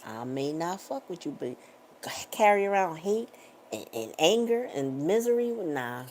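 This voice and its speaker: Middle-aged woman tarot reader with a low voice, blunt and profane, talks in a casual motivational way. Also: sing-song, unhurried, darkish tone, slight background noise. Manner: emphatic, repetitive affirmations.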